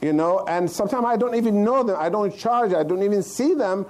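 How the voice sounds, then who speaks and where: A man's voice: sits high, expressive, fairly quick, a little mellow, slight background noise, poor audio. A man, a cardiologist, giving an informal health lecture to a live audience, plain-spoken and checking in with listeners as he goes. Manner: plain-spoken, loose grammar.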